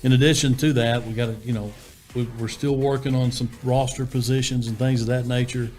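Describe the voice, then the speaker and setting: A man, a head football coach answering interview questions in a steady, plainspoken way, full of fillers and restarts. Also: mid-range voice, brisk.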